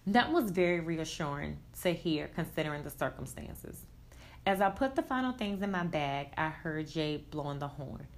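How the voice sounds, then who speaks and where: A woman reading a first-person story aloud in a blunt, expressive way, with casual swearing. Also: low voice, normal speed. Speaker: reader.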